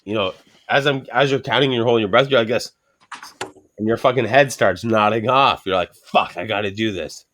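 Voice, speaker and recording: Middle-aged male host, loose profane podcast chatter, animated delivery. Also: mid-range voice, a little fast, slight background noise. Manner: animated, heavy swearing, rambling storytelling. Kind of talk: casual profane podcast banter.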